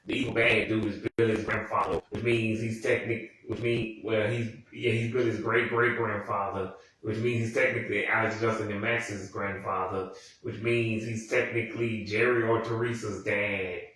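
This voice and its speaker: A man's voice: level tone, normal speed, fairly bright tone. Young man, casual profane rant, rambling and exasperated; heavy room echo, sits well back from the mic. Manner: profane, rambling, exasperated, with sudden high-pitched outbursts. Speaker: TV commentator. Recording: very echoey room, voice from far off the mic.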